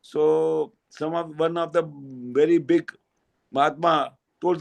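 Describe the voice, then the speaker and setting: An older man with a Gujarati accent giving a spiritual satsang talk, telling anecdotes in a halting way with fillers and restarts. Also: on the high side, level tone, gravelly, rough recording. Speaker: spiritual speaker.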